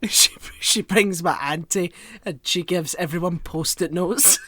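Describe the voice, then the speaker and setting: A man's voice: high-pitched, measured pace, very noisy. A man co-hosting a podcast in casual chat, rambling and swearing with frequent laughs. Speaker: podcast co-host.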